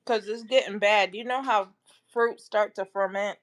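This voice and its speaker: A woman in a casual livestream chat, making quick comments and talking to people off camera. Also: mid-range voice, fairly even intonation. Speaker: livestream co-host.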